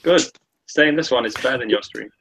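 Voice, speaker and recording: A man's voice: medium pitch, fast talker, creaky, fairly bright tone, a little hiss or hum, low-quality recording. A man in casual stream chat, laughing and swearing in banter.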